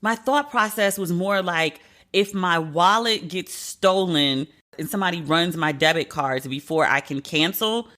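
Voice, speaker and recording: A woman around forty hosting a solo podcast, talking in an animated, profane, venting way. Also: on the low side, unhurried. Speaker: podcast host.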